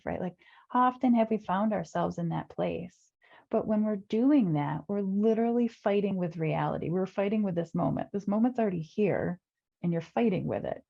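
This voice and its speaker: A woman life coach talks through a webinar in an earnest, repetitive way, often acting out the inner voices of her listeners. Her voice is gravelly with a warm, mellow tone. The audio is dull and lo-fi, like a computer mic on a video call. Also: mid-range voice, lively intonation, normal speed. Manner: earnest, repeats phrases, acts out inner voices. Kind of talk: webinar talk.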